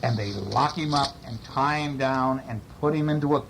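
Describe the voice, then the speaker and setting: A man's voice: mid-range voice, moderate pace, gravelly, noisy background. A man reads a picture-book story aloud to a child at bedtime. He breaks off for chatty, casual remarks to the listener. His voice sits in a mid range. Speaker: parent reading to a child.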